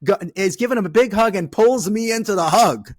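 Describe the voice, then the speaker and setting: Animated man telling a story, dry close sound. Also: sits high, a little fast, no room sound. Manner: expressive, repeats "okay?" to check in with the listener. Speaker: podcast guest.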